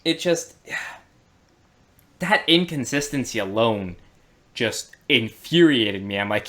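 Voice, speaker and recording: A man's voice: mid-range voice, animated, slow pace, pauses often, pushed and bright. A man co-hosting a podcast, mostly agreeing in short replies and sometimes voicing exasperation about a film. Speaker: podcast co-host. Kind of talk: casual chat.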